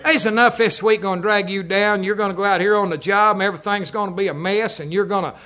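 Older preacher, man, high voice, folksy storyteller who chuckles through his sermon. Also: fairly even intonation, fast talker, sharp tone. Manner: jokey, storytelling, chuckles often.

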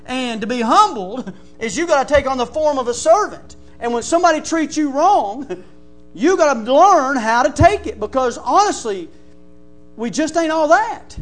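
A male pastor, preaching a folksy sermon that builds into shouting. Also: very high-pitched, expressive, normal speed, faint music behind.

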